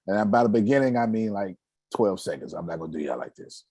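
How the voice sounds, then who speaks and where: A man hosting a casual chat, talking in an animated way, often laughing and poking fun at himself. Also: lowish voice, fast, very noisy. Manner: animated, laughing, self-mocking. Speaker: host.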